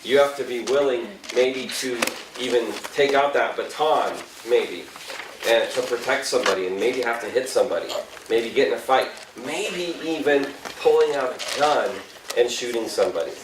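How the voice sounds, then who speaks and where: A middle-aged man tells a personal story to a youth group, poking fun at himself and chuckling between lines. He keeps turning to the audience with questions. His voice sits at an ordinary pitch and comes from some distance off, ringing in an echoey room with a faint hiss underneath. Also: normal speed. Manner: self-deprecating, chuckles often, asks the audience questions. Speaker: youth confirmation speaker.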